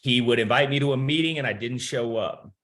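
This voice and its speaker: A motivational speaker in his thirties tells an audience his life story, acting out the dialogue with animated energy. His voice is mid-range and brisk.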